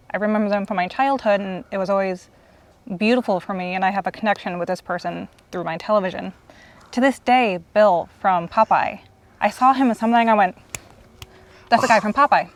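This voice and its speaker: Woman in her 40s gushing to her idol, earnest, a bit teary, even middle voice. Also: medium pitch, brisk. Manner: earnest, gushing, near tears. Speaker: host. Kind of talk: emotional fan tribute.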